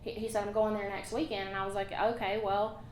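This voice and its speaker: A woman's voice: mid-range voice, little pitch movement. A woman with an Appalachian accent, a folk ballad singer singing and chatting with a live audience in a chatty, storytelling way. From Appalachian North Carolina. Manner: chatty, friendly storyteller with quick asides. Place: museum concert hall. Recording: echoey hall with faint room noise.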